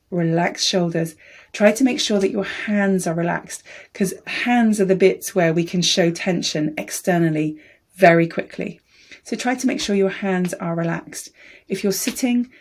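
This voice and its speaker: Lady giving public speaking tips, low-ish voice, calm and steady. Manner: calm, measured coaching with demonstrations. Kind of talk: speaking tips lesson to camera.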